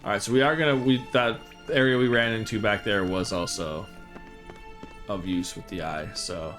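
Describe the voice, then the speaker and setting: Over music, a man with a lowish, steady voice plays a game at a moderate pace. He hosts the let's play with rambling, easygoing commentary and reads the on-screen text aloud.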